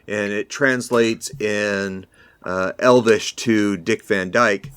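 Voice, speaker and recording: A man narrating as game master of a tabletop fantasy game in a measured, deliberate way. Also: on the low side, fairly even intonation, fairly bright tone, clean tone, no room sound.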